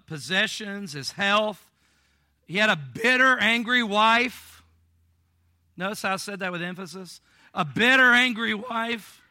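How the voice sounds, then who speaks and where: A male pastor with a high, very bright voice preaches in a relaxed, chatty way, dropping jokes and asides. He moves from forceful emphasis to soft, low remarks. The sound is close and dry. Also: dry recording. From Illinois. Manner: conversational preaching with asides and humor; swings between emphatic and quiet delivery. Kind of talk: sermon.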